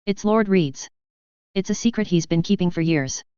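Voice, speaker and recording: A woman's voice: lowish voice, moderate pace, mellow, clean tone, dry recording, lightly acted. A woman reading an earnest, sincere young man. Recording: slightly dull lo-fi dry.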